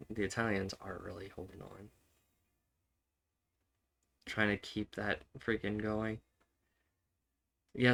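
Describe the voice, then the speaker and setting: A man's voice: fairly low pitch, bright, forceful tone. A man giving casual, swearing commentary while playing a strategy game, repeating himself and laughing often. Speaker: gaming streamer.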